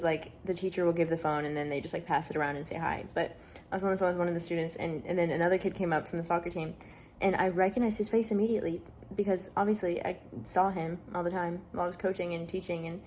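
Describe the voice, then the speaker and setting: A woman's voice: lowish voice, darkish tone, slight background noise. Gushing young woman telling a story. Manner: gushing, rambling with many fillers. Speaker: vlogger. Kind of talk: casual storytelling to camera. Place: indoors, packing up a room.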